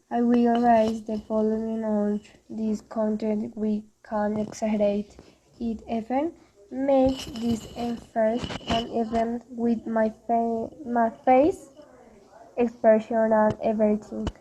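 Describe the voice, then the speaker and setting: A student woman presents a recorded class video. She speaks slowly and carefully, in halting English, with a slightly high, mellow voice. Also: little pitch movement, a little hiss or hum, low-quality recording.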